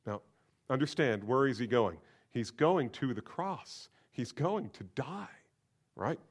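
A man, a senior pastor, preaching a sermon in an animated, conversational way with rhetorical questions. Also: mid-range voice, slow, husky.

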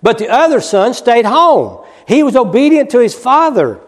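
A male preacher with a high voice delivers a sermon in a church sanctuary with a long, ringing reverb. He swings from loud, rapid bursts of emphasis to hushed, slow passages. He drives each point home by repeating it. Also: big pitch swings. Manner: repeats key phrases for emphasis. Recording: long reverb of a large hall.

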